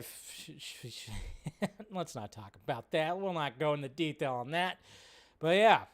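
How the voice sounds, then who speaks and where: A man's voice: a little high, smooth. A male host of a live movie news show, chatting casually and thinking aloud with offhand restarts. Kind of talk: casual live-stream chat.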